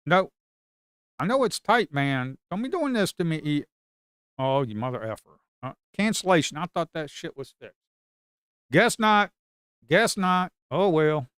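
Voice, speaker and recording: A man's voice: on the high side, a bit bright, clean tone, no room sound, clean studio sound. A man giving live trading commentary to viewers, muttering and repeating phrases to himself, now and then swearing at the market. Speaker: live-streaming futures trader.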